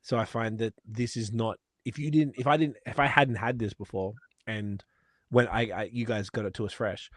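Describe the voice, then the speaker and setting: A man's voice: lowish voice, fairly even intonation, normal speed, dry recording, studio quality. Laughing Australian-raised man telling stories. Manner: swearing, laughing storyteller. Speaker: podcast co-host. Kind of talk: casual chat over beers.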